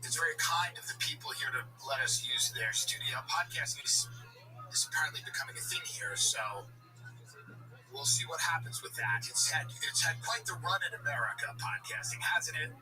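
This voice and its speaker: A man's voice: a little high, animated, moderate pace, recorded from a distance, over music, poor audio. A man hosting a comedy podcast, riffing sarcastically and with hesitant fillers. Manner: sarcastic, riffing with exaggerated put-on quotes. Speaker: podcast host. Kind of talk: comedic rant and show intro. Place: borrowed studio.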